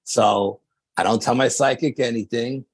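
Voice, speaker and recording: Gravelly-voiced man spinning a story. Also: mid-range voice, unhurried, no echo. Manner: lively anecdotal storyteller with slangy fillers. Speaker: podcast guest, paranormal investigator. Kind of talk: casual storytelling chat.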